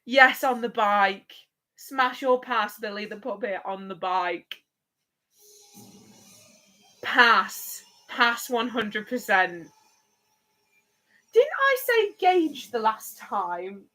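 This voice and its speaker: A woman's voice: a little high, big pitch swings, very slow, pauses often, bright, forceful tone. A woman hosting a live watch-along, chatting playfully with viewers and laughing often. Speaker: livestream host.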